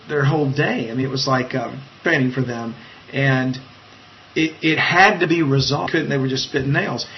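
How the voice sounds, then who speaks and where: Conversational man teaching scripture, halting. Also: mid-range voice, lo-fi sound, a little hiss or hum. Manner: conversational, halting, with many fillers and restarts. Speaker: preacher leading an online Bible study. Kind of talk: informal live-streamed Bible teaching.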